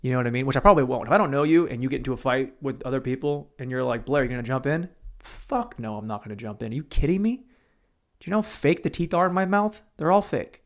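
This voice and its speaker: A young man hosting a solo podcast, telling rambling, profane stories and breaking into sudden loud outbursts. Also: mid-range voice, lively intonation, quick pace, few pauses. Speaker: podcast host.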